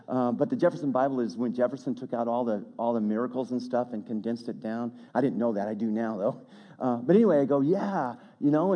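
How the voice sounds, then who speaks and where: A man's voice: medium pitch, dark tone. A man preaching a sermon, telling a story in a folksy, chatty way with self-deprecating asides. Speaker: pastor. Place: church sanctuary. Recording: long hall reverb.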